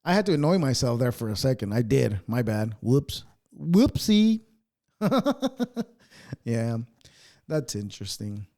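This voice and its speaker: A man's voice: mid-range voice, slow, pauses often. A man hosting a podcast, ranting casually with heavy swearing and sarcasm as he reacts to clips. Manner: profane, sarcastic, animated ranting. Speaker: podcast host.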